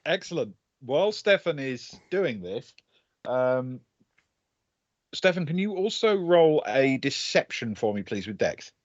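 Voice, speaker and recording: A man's voice: mid-range voice, big pitch swings, measured pace, no room sound. A man narrating as game master for a tabletop game, chatty and laughing between descriptions, with lots of ums. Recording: dull, dry lo-fi sound.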